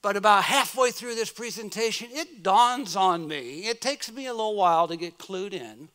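A middle-aged American man giving a sermon as guest preacher, telling a story and swinging from soft murmurs to loud exclamations. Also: high-pitched, expressive, normal speed, smooth. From United States. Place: church.

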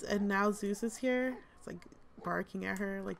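A woman's voice: medium pitch, measured pace, vocal fry. A woman host giving casual, amused gameplay commentary, chatty with lots of fillers. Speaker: gaming channel host.

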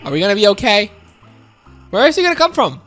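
A woman giving excitable, childlike gameplay commentary while speaking as her game character. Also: medium pitch, quick pace, soft background music. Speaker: game streamer.

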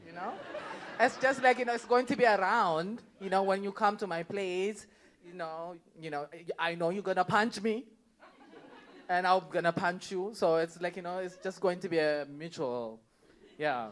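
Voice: mid-range voice, normal speed. Chatty stand-up comic full of fillers. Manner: chatty, heavy "like, you know" fillers, laughing at own jokes. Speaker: stand-up comedian. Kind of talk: stand-up comedy set. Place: comedy club stage before a live audience.

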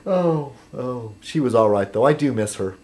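A man vlogging casually to his subscribers, rambling and halting, with many fillers and restarts as he sips a beer. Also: mid-range voice, expressive, darkish tone. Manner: chatty while sipping beer.

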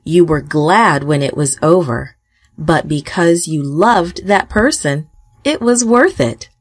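A woman telling a Bible story for children in a gentle, expressive reading. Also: lowish voice, dry recording, studio quality. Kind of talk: scripted narration for children.

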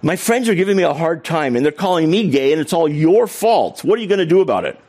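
A man's voice: fairly high pitch, very animated, fast talker, a little mellow, pitched above the performer's own voice. A man voicing an angry, burly, homophobic male sailor who makes whiny accusations in a raised voice. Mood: indignant.

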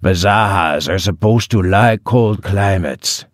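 A man voicing a heavyset, menacing kidnapper boss who interrogates slowly and deliberately in an audiobook. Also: low-pitched, no room sound, studio quality. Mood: threatening. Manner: slow, heavy, deliberate questioning.

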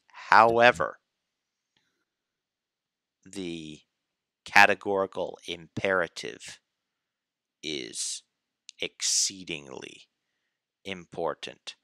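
A man slowly thinking aloud in a casual philosophy discussion, hesitant, with restarts. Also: low voice, sharp tone, no room sound, clean studio sound. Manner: slow, hesitant, with restarts and sighs.

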